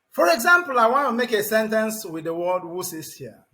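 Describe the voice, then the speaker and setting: A man teaching English pronunciation to a class, repeating words slowly and emphatically and calling on students by name. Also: sits high, lively intonation, pushed and bright. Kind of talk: classroom lesson.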